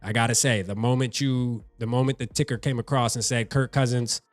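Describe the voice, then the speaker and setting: A man's voice: medium pitch, steady tone, fairly quick, no room sound, faint music behind. Man for a fan-vlog rant: slangy, talks right at the viewer, dry close sound. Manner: slangy, talks straight to the listener. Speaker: sports fan vlogger. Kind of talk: casual fan commentary.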